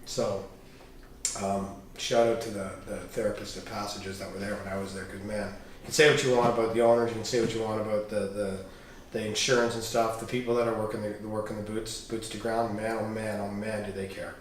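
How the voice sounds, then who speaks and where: Animated man telling stories in an echoey room. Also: lowish voice, fairly quick, slight background noise. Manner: animated, swearing, acts out quoted dialogue. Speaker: podcast guest. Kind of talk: candid storytelling interview. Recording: echoey room, distant mic.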